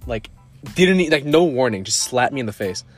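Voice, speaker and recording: A teenage guy with an ordinary mid-pitched voice who rambles through stories, packing them with filler words and stumbles. Soft music sits faintly behind the talk. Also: expressive, fairly quick. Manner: rambling, filler-heavy, laughs often. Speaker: podcast co-host. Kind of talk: casual chat.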